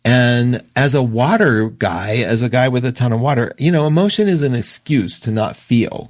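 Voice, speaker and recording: A man hosting an astrology show, talking casually and emotionally, opinionated and quick to laugh. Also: medium pitch, expressive. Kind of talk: casual livestream talk.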